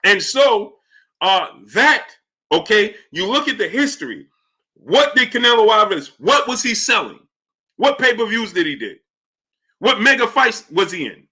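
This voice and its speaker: Emphatic, bright-voiced male stream host. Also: high voice, sing-song, moderate pace, slightly rough. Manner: emphatic, repeats himself, greets viewers. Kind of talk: casual live stream talk.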